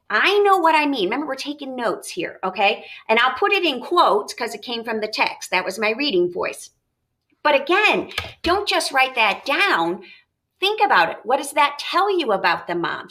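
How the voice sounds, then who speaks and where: A woman's voice: a little high, expressive, normal speed, fairly bright tone. A woman teacher giving a recorded lesson, explaining step by step and thinking aloud with questions.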